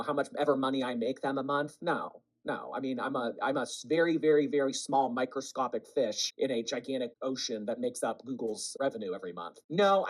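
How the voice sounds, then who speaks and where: A man hosting a casual livestream commentary, talking straight to his chat and swinging between loud bursts and quiet asides. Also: medium pitch, poor audio.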